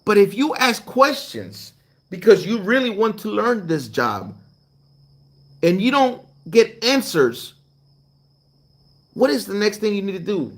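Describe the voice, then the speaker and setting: A man with a fairly high voice tells his trucking stories in a casual chat with viewers. His pitch swings up and down as he acts out both sides of the conversation, and he stays chatty and animated. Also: a little slow, pauses often. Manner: animated storytelling, acts out dialogue. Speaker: truck driver trainer and channel host.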